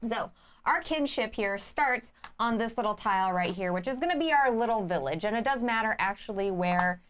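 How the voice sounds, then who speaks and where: A woman's voice: fairly high pitch, expressive, normal speed, a bit bright, slight background noise. A woman hosting a board game playthrough in casual chat, giggly and bubbly. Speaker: host.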